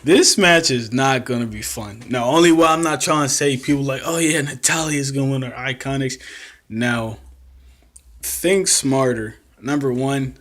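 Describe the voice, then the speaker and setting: A young man talking casually through his predictions for wrestling matches, laughing often and acting out what the wrestlers said. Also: medium pitch. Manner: excitable, laughs often, acts out quotes. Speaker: wrestling fan vlogger.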